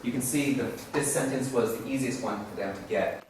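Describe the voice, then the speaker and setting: A man's voice: mid-range voice, a little fast. Man giving a rambling classroom talk. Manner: rambling, self-correcting, chuckling. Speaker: presenter at a teaching conference. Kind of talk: casual conference talk. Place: conference room. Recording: roomy, distant mic with faint hiss.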